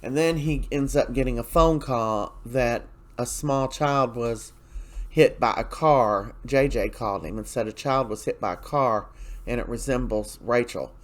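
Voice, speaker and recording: A man's voice: mid-range voice, unhurried. A man casually recapping a daytime soap episode, chatty and opinionated, with plenty of fillers and asides. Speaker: soap opera recap host.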